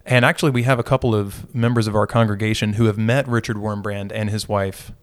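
Man, middle-aged, podcast host, casual chat, joking, low-pitched. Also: fairly even intonation, a little fast, clear, resonant tone. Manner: joking, rambling with restarts.

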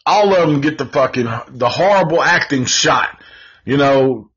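A husky-voiced man drawls through a casual live-stream review, rambling and swearing freely. His delivery is unhurried, and the audio comes across dull and lo-fi. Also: fairly high pitch, expressive, a bit bright. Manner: rambling, profane, laid-back. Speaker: movie reviewer.

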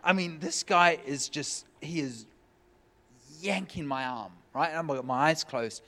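A man preaching, telling a humorous personal story with lively, joking delivery. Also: fairly high pitch, a little slow. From California. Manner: animated, jokey storytelling with laughs. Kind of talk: sermon storytelling.

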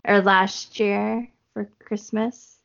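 A woman's voice: mid-range voice, little pitch movement, slow, vocal fry, fairly bright tone, highs cut off. A woman co-hosting a podcast in casual chat, chatty, often trailing off and restarting. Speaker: podcast co-host.

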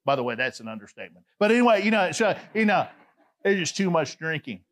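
A middle-aged man from Atlanta, Georgia with a Southern accent, preaching a sermon as a chatty, animated storyteller with frequent asides. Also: on the high side, quick pace. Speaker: pastor.

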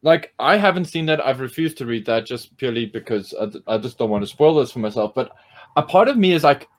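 A man co-hosting a podcast, chatting casually and excitedly with lots of fillers. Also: medium pitch, fast talker. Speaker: podcast co-host. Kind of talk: casual chat.

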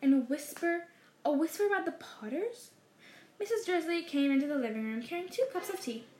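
A woman reading a story aloud in a measured way, slowing down for dramatic phrases. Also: sits high, animated, darkish tone, slight background noise. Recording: roomy echo.

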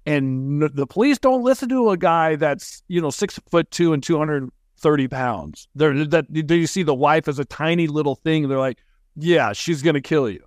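A man's voice: on the high side, moderate pace, few pauses, no room sound, studio quality. Earnest man hosting a podcast. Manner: earnest, emphatic. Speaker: podcast host. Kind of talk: podcast interview conversation.

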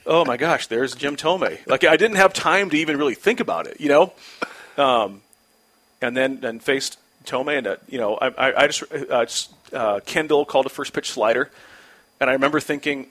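An animated man in his forties tells a story as an interview guest. His pitch is average for a man. He restarts his sentences often and acts out the other people in his story. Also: normal speed. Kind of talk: casual storytelling.

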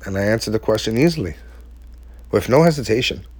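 A man's voice: lowish voice, animated, quick pace, husky, dry recording. A man giving a heartfelt, casual motivational talk to his viewers, using slang and emphatic repetition. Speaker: vlogger speaking to his audience.

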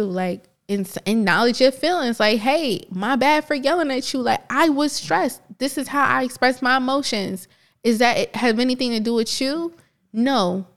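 A woman co-hosting a podcast in casual, rambling chat, laughing often and jumping between tangents. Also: medium pitch. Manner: animated, rambling, quick to laugh. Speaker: podcast co-host.

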